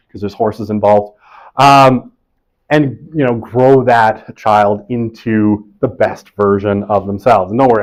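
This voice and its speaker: A man's voice: lowish voice, a little mellow, rough recording. A man in his forties giving a conversational university lecture in a classroom, often checking in with "right?" and adding self-deprecating jokes.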